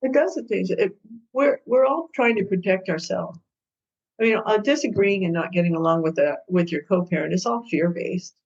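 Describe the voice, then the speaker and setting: A woman guest who works as a co-parenting mediator tells stories in an interview, acting out the people in them with lively, hesitant speech. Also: mid-range voice, moderate pace. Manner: lively storyteller who acts out quoted people. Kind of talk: storytelling interview answers. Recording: dull lo-fi sound.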